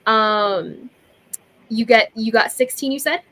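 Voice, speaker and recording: A woman narrating a tabletop role-playing game as game master, in lively, chatty speech with quick voiced asides. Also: fairly high pitch.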